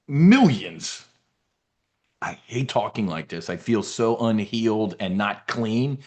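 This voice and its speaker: A man hosting a members' briefing, ranting about politics in a combative, profane way and mocking opponents in put-on voices. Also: medium pitch. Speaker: trading newsletter host.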